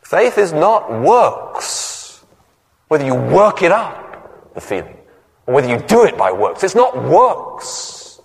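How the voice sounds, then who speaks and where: A man's voice: a little high, very animated, takes it slowly, gravelly, in a large hall. A man preaching a sermon who tells stories and acts out the voices in them. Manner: storytelling, acts out voices in the anecdotes.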